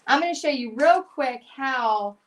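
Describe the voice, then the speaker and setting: A middle-aged woman hosts a casual craft demo. She talks in a chatty, rambling way, full of giggles and fillers, in a voice a little higher than most. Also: expressive, unhurried. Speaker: craft channel host.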